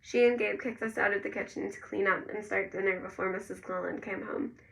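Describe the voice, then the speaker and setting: A woman narrating a first-person novel in a gentle storytelling manner. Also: mid-range voice, fairly even intonation, fairly quick, creaky, distant mic, slight background noise, poor audio. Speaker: audiobook narrator.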